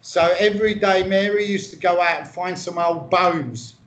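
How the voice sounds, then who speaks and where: A man's voice: sits high, normal speed, a bit bright. A man from Britain co-hosting a comedy podcast, asking questions, laughing and talking over his partner. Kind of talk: improvised absurd banter.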